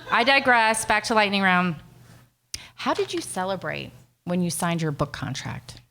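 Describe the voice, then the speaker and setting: A middle-aged woman, hosting and interviewing an author at a bookstore event in a chatty, excitable way. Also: mid-range voice, slight background noise. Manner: chatty, excitable, quick to jump in. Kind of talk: casual onstage conversation. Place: bookstore event before an audience.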